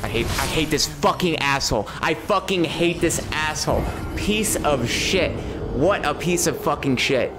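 A young man streaming gameplay, commenting live with lots of swearing and sudden high-pitched outbursts of frustration. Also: lively intonation, normal speed, over music. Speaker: game streamer.

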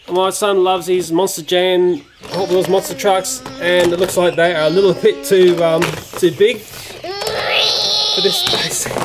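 A man's voice: sits high, noisy background. A man casually reviewing a toy playset, chatty and given to exclamations like "oh dear.".

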